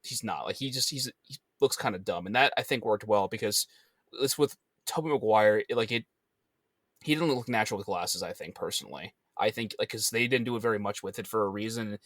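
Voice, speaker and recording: Man co-host, low voice, dry close sound, rambles and trails off. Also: brisk, fairly bright tone, dry recording. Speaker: podcast co-host. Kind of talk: casual chat.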